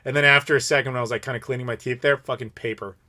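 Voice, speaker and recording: A man's voice: mid-range voice, very fast. A man in his thirties hosting a live Q&A stream, telling rambling stories in casual chat. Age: 30s. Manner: rambling, animated storytelling with laughs. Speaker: streamer host.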